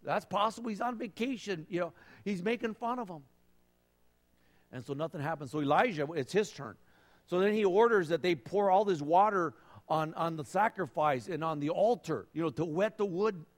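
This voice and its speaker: Casual preacher, fairly high voice, halting delivery that acts out voices, hall reverb. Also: male voice. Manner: conversational storytelling with frequent fillers and restarts, acting out voices. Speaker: pastor. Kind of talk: sermon.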